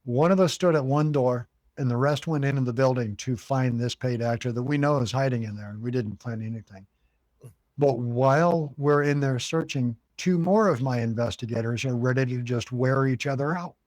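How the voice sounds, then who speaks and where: A man's voice: medium pitch, moderate pace, darkish tone, no echo. A man who owns a haunted cabin, telling a long story as an interview guest and acting out what others said. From United States. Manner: retells conversations, acting out quoted voices.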